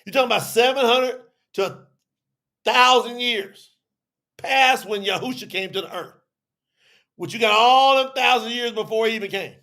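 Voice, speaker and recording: A man with a high, bright voice teaches a live audience on a religious telethon in an animated way. He's conversational, acting out both sides of an argument, and his explanations are repetitive and drawn out.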